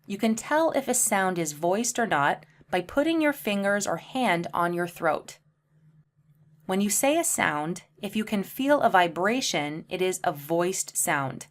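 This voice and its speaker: Slow, deliberate woman teaching English. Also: medium pitch, sing-song. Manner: slow, deliberate enunciation of example words. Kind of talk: pronunciation lesson.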